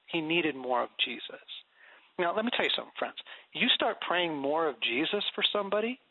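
Speaking fairly quickly in a gravelly, sing-song voice of fairly high pitch, a middle-aged interview guest talks with animation about prayer, sharing stories and laughing frequently. The faith conversation has no room sound and comes across dry and phone-like, as on radio.

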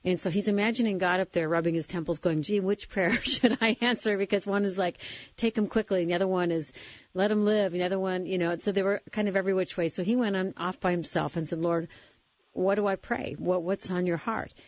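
A woman hosting a faith interview, calmly telling a story and affirming her guest. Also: lowish voice, fast talker, no echo. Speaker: host. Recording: dull, lo-fi sound.

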